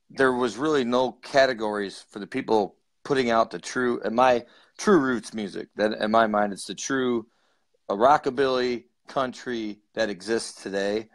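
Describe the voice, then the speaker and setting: A man's voice: mid-range voice, normal speed, no echo. Joking man, dry close sound. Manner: joking, laughs easily. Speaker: co-host. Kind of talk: casual live-stream chat. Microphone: video call.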